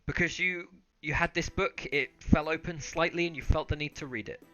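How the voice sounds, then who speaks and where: Brief: male game master, bright voice, hesitant um-filled narration, slightly muffled audio. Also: a little high, brisk, soft background music. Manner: relaxed, hesitant, many ums and uhs.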